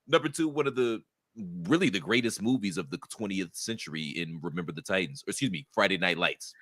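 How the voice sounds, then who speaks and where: A man co-hosting a casual podcast chat, wry and given to dramatic pauses. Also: deep voice, lively intonation, fairly bright tone, no room sound, clean studio sound. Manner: dramatic, wry, slows for emphasis. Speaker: co-host.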